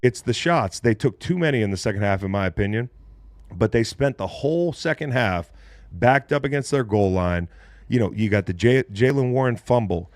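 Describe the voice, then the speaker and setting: A man hosting a casual sports talk show, animated and loose, with plenty of slang and the odd swear. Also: on the low side, normal speed, no room sound, clean studio sound. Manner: animated, swears casually, says "bro" and "dude". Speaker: podcast host, former NFL player.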